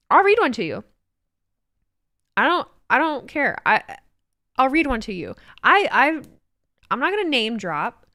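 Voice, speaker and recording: A young woman hosting a casual livestream, excitable and swearing freely as she reacts to chat comments. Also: fairly high pitch, dry recording, clean studio sound. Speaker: livestream host.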